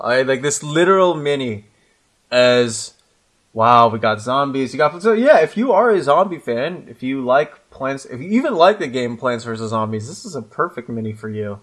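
An upbeat man in relaxed podcast conversation, chatting eagerly and repeating himself as he builds up his points. His voice sits at an ordinary middle pitch. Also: normal speed. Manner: upbeat, chatty, slips into playful character voices. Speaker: podcast co-host. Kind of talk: casual comic book discussion.

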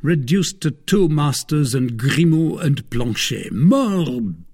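A man reading the lines of a calm, dry-witted musketeer in a measured, low-key way, with a husky voice. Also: heavily acted.

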